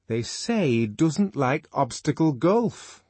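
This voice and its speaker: A man's voice: on the high side, big pitch swings, takes it slowly, a little mellow, slightly rough, no room sound, voice pushed up, heavily acted. A man voicing an anxious, gossiping young woman friend in an audiobook, sounding worried and scandalized.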